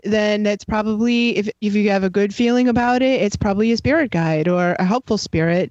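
A woman talks loosely and warmly, circling back often and filling pauses. She sounds like a psychic teacher chatting casually. The recording is dry and a little muffled. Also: mid-range voice, no room sound. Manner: chatty, rambling, many fillers and restarts. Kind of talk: casual conversation. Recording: dry, slightly dull sound.

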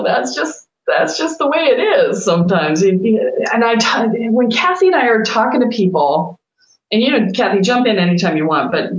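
A middle-aged woman co-hosting a talk, telling a story with lots of animation and laughter and acting out what she once said. Her voice sits in a roomy space, and the recording is a bit dull and lo-fi. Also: medium pitch. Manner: animated, laughing, quotes herself with swearing. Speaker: spiritual coach and podcast co-host. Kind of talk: casual storytelling chat.

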